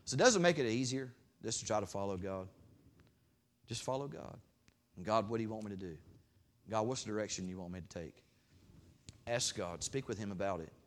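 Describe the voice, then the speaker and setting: A man pastor preaching a sermon. He swings from loud, raised peaks to quiet, conversational asides, and acts out God's words in a folksy voice. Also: on the low side, lively intonation, fairly quick, long pauses. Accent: regional accent of his own.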